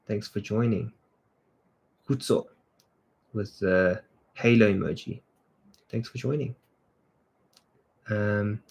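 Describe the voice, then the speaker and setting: A man's voice: fairly low pitch, breathy edge. A man from South Africa, a creative director, chatting casually on a livestream, greeting viewers and answering their comments off the cuff.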